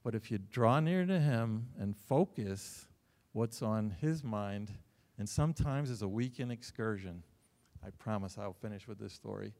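A middle-aged male pastor delivering a sermon, telling stories with sudden loud bursts and joking asides. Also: fairly low pitch, lively intonation, unhurried. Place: church sanctuary. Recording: long hall reverb.

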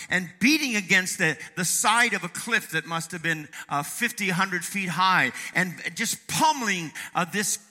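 Bright-voiced preacher in a reverberant hall. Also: male voice, high-pitched. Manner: halting, with many fillers and restarts; soft and reflective at the start, rising to fervent preaching. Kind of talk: sermon. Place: church sanctuary.

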